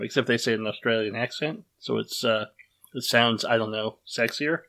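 A man's voice: medium pitch, fairly even intonation, fast, fairly bright tone. A man hosting a casual podcast, rambling and self-deprecating, with lots of fillers and restarts. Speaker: podcast host.

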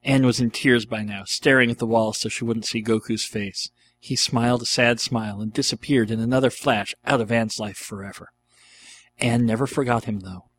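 Male narrator, earnest dramatic read of a fan fiction. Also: medium pitch. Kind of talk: reading a fan fiction aloud.

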